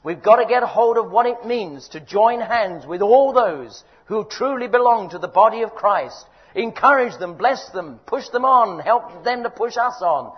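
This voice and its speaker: An older man preaching a sermon, emphatic and exhorting, his voice rising loud and dropping quiet. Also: high voice, animated, a little slow, hardly any pauses, husky. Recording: dull lo-fi recording.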